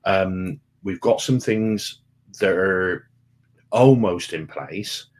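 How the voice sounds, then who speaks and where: Deep-voiced man chatting casually. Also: extremely slow. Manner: relaxed, plain-spoken, repeats himself. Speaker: travel vlog co-host. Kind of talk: casual live stream chat.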